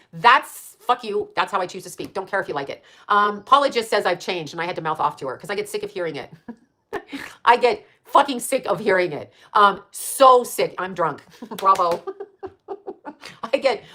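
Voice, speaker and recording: A woman's voice: mid-range voice, sharp tone. A woman in her late fifties hosting her own channel, ranting in a blunt, profane, combative way, rambling and laughing at her own jabs. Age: late 50s. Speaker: channel host. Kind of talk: casual live-stream rant.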